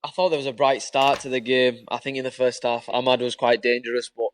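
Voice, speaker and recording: Man, mid pitch, flat and downbeat delivery, dry sound. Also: brisk, no room sound. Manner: subdued, disappointed. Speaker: football fan guest.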